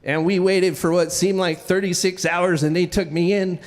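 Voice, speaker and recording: Male live storyteller, wry and self-deprecating; high, lively voice, reverberant hall. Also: moderate pace. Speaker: featured storyteller. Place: stage at a live venue.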